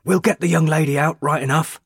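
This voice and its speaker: A man putting on a shouting fireman, high and urgent. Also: steady tone, fairly quick, gravelly, husky, no room sound, studio quality. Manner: shouting, commanding.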